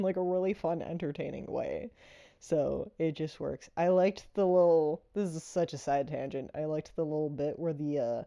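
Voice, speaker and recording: A woman talks through a movie review in a loose, rambling way, full of fillers and frequent laughter. Her voice sits fairly low and sounds mellow and warm. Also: lo-fi sound. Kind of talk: casual spoken review.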